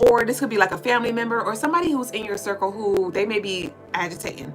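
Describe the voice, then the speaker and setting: This tarot-reading livestream host talks fast in a mid-range voice, barely pausing as she reads viewer comments aloud and replies casually, using fillers and the occasional swear word. The recording is rough, with a music bed under her voice.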